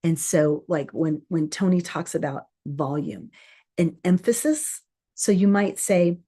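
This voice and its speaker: Earnest coaching woman with a mellow voice. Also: low-pitched, unhurried, slightly rough. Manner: earnest and conversational, with many fillers and restarts. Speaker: course host. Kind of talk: coaching talk to a live group.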